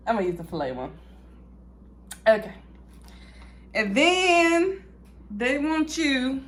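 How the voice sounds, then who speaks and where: A young woman, vlogging a food review, dramatic and chatty, swinging from loud squeals to low mutters. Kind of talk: casual food-review vlog.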